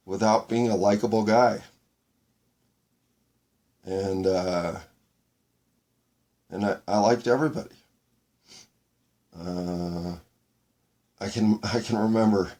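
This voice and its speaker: Low-voiced guy talking real slow, halting, choking up on his own podcast. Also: a little mellow. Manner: slow, halting, searching for words. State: tearful, voice breaking. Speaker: podcast host. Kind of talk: reflective solo monologue.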